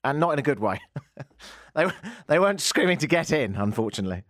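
A man's voice: medium pitch, sing-song, quick pace, no room sound, studio quality. A man hosting a live talk radio show, telling a comic story with self-mocking jokes. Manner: jokey, self-mocking storytelling, jumps between loud and hushed. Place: radio studio.

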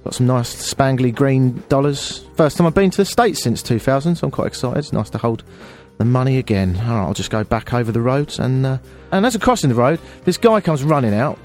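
A man's voice: mid-range voice, lively intonation, a little fast, darkish tone, soft background music. A man telling an exasperated, self-deprecating story on air as a radio host.

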